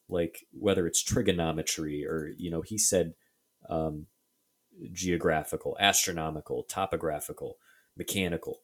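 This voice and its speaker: Deep-voiced man, halting podcast chat. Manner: halting, many fillers and restarts. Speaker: podcast co-host. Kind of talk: casual podcast discussion.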